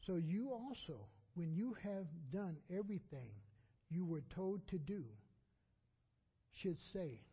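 A man's voice: sits high, lively intonation, slow, breathy edge, lo-fi sound. A man preaching a sermon as pastor. He repeats lines for emphasis and leaves gaps for the congregation to answer.

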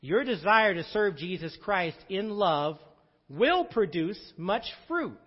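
A man's voice: high voice, sing-song, slow pace, husky, long reverb tail, highs cut off. A man preaching a sermon as pastor, calling out to the congregation for responses.

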